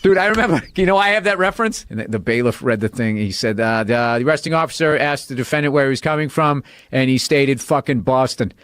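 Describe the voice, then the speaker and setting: A man's voice: mid-range voice, expressive, fast, few pauses, a bit bright, clear, resonant tone, no room sound. A man in casual podcast chat, telling profane stories and laughing as he goes.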